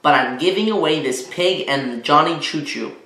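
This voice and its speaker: A man's voice: fairly high pitch, normal speed, pushed and bright. A man putting on an exasperated, bossy mother. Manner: bossy, haggling. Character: exasperated mother sorting toys. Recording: roomy echo.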